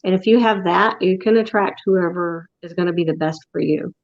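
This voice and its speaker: A woman's voice: fairly low pitch, a little fast. Woman on a lo-fi video call. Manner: relaxed, explains patiently, laughs easily. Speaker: metaphysical shop owner, guest. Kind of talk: casual interview over a video call. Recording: dull lo-fi call audio.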